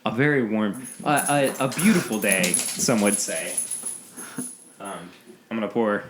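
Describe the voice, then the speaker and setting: A man's voice: on the low side, measured pace, over music. A man hosting a casual bourbon podcast, talking loosely and laughing often. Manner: rambling, laughs often, restarts. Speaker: podcast host. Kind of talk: casual chat.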